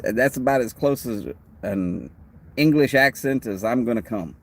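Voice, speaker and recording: Texan man, casual live chat, rambling, answers comments, lively up-and-down pitch. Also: normal speed, vocal fry. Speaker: livestream host.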